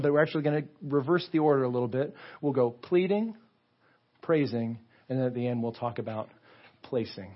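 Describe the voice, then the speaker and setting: A man's voice: a little high, dull audio. A male pastor preaching a sermon in an earnest, conversational way, often repeating his words. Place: church sanctuary.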